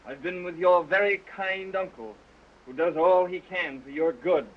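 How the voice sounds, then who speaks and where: A man's voice: sits high, normal speed. A bitter, half-drunk young man. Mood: sardonic. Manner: sardonic, mocking speeches. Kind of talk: early sound-film acting. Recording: dull early talkie sound with music.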